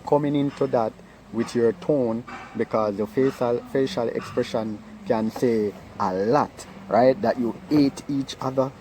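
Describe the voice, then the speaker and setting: A man's voice: medium pitch, a little mellow, a little hiss or hum, low-quality recording. A man giving informal advice on marriage, talking earnestly and repeating himself, often checking in with "right?". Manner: earnest, repetitive, keeps asking "right?". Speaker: relationship speaker.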